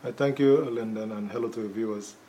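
Measured male weather official. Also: on the low side, dark tone, a little hiss or hum, rough recording. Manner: measured, explanatory, with frequent fillers. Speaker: chief hydrometeorological officer, studio guest. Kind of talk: expert explanation in an interview.

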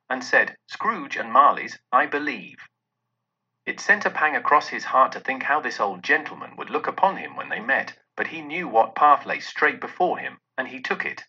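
Bright, husky male storyteller. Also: medium pitch. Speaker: audiobook narrator. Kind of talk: expressive storybook narration. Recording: dull lo-fi recording.

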